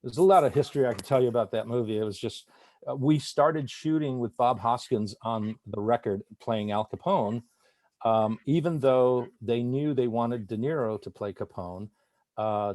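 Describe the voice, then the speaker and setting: Middle-aged male actor from Italy, lively anecdotal interview guest, recorded dry and close. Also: medium pitch, dry recording. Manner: animated anecdotes with frequent laughs. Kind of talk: casual interview storytelling.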